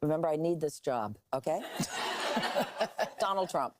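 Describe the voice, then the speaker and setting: A woman interviewing a guest on television, asking brisk questions and laughing quickly. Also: sits low, expressive, heavy background noise.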